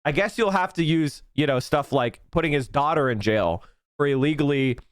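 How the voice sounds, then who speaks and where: A male political commentator from Pennsylvania ranting on a live stream, heated and profane, often breaking into shouts. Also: fairly high pitch, normal speed, dry recording, studio quality.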